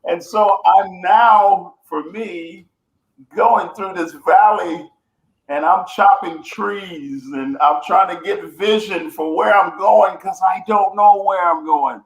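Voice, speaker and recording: A man with a somewhat high, gravelly voice tells his story earnestly and repeats phrases to build each point. His voice bounces around an echoey room. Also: slow. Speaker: guest, coach and author. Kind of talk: reflective storytelling.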